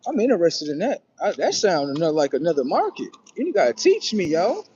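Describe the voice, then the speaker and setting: A young man livestreaming outdoors near a street on his phone, rambling casually and profanely, with sudden loud excited bursts. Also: on the high side, a little fast, muffled recording, slight background noise. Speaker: livestream host.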